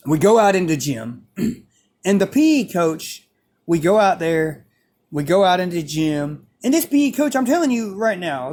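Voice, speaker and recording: A man telling a story in a casual, profane way, repeating phrases as he goes. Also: high-pitched. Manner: animated, profane, repeats himself.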